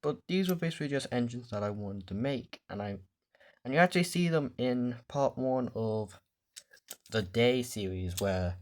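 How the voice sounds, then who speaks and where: A man's voice: mid-range voice, animated, moderate pace, darkish tone. A man casually showing his toy collection in a vlog, rambling off the cuff and swearing when the camera loses focus. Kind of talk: casual show-and-tell vlog.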